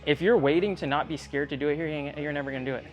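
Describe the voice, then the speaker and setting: A man's voice: on the high side, very fast, highs cut off, soft background music. A man coaching a young athlete one-on-one in a gym, speaking directly and earnestly, often checking whether she believes him. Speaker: tumbling coach.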